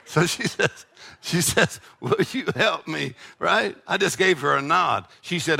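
Gravelly older preacher. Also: male voice, a little high, lively intonation, unhurried. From Texas. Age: 60s. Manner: preachy call-and-response with shouted peaks and laughing asides. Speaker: pastor. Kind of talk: sermon.

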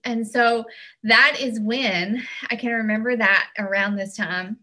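Woman, faith testimony, earnest, heartfelt, bright clear tone. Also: fairly high pitch, steady tone, unhurried. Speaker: church member giving testimony.

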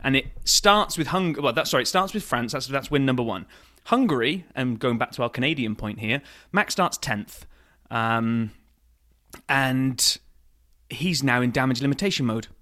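Male podcast co-host, middle pitch, excitable and emphatic. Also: normal speed. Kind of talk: casual sports podcast chat.

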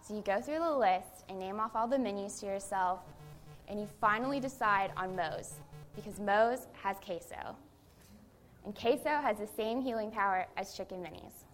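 A woman's voice: medium pitch, moderate pace, faint music behind. A young adult woman, a seminary student, giving a conversational sermon that opens with a self-deprecating personal story.

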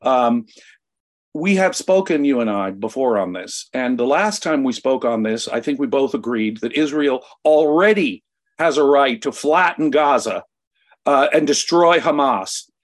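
An American man giving emotional, emphatic political commentary as a guest, his pitch swinging sharply as he talks. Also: expressive, unhurried. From United States.

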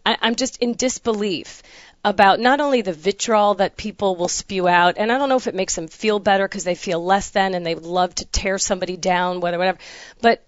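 A woman chatting casually as host, animated as she recounts events and acts out both sides of a conversation. Her voice sits at a middling pitch, and the recording is dry and a little dull. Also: brisk, no echo. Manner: animated storyteller, acts out quoted dialogue.

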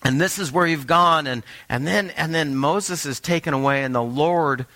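A man's voice: a little high, moderate pace, bright, forceful tone, low-quality recording. A man preaching a sermon, talking to the congregation in a conversational way and asking them questions. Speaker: pastor.

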